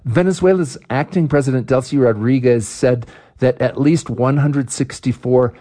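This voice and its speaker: A man's voice: medium pitch, normal speed, mellow. A man, a reporter, describing a news event in plain, conversational reporting.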